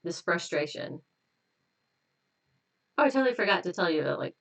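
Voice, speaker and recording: A woman's voice: mid-range voice, racing, gravelly, far from the mic, rough recording. A woman hosting a live stream, talking casually and laughing as she leads viewers through repeated affirmations, a little tired. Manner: relaxed, chatty, laughs often, repeats affirmations. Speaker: hypnotist leading a tapping exercise.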